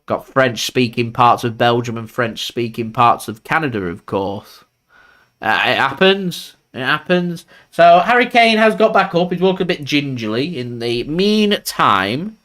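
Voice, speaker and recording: A man's voice: mid-range voice, animated, a little slow, a bit bright. A man hosting a live football watchalong stream from home, chatting loosely and reacting to the play as it happens. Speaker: football fan channel host. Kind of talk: live match watchalong commentary.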